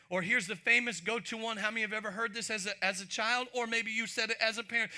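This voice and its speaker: A man preaching a sermon in an animated, playful way, often asking the congregation questions. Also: high voice, fast, hardly any pauses. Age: young adult to middle-aged. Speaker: pastor. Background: music.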